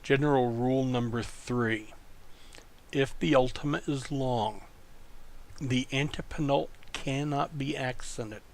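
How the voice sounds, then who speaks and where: A man's voice: mid-range voice, slow pace, a little hiss or hum. A man giving a recorded lecture as a language teacher, explaining rules step by step and checking in with the listener. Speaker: Greek teacher.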